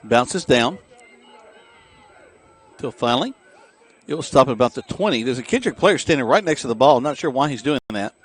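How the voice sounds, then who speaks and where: A man giving quick, dry play-by-play of a high school football game for radio, from outdoors at a stadium. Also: animated, breathy edge. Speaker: play-by-play announcer.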